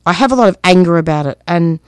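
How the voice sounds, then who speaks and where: Impassioned woman, halting. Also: on the low side, expressive, clear, resonant tone, no room sound, studio quality. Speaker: community radio producer, guest. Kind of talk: radio interview answers.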